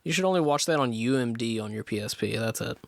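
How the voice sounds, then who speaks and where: A man's voice: mid-range voice, expressive, fast, creaky, no room sound, studio quality. A young man hosting a casual film podcast, joking and self-deprecating, laughing often. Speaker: podcast host. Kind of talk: casual film review banter.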